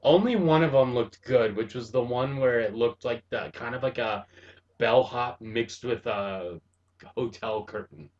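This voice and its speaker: A man from Wisconsin hosting a casual cartoon review chat, excitable and gushing, often breaking into laughter. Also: mid-range voice, unhurried, lo-fi sound. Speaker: show host reviewing a cartoon episode.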